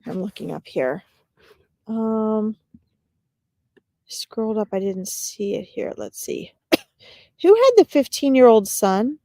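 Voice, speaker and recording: A woman giving a live-streamed psychic reading as a medium, talking in a gentle, reassuring way with frequent pauses and fillers. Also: mid-range voice, expressive, dry recording, clean studio sound. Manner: gentle, reassuring address to viewers.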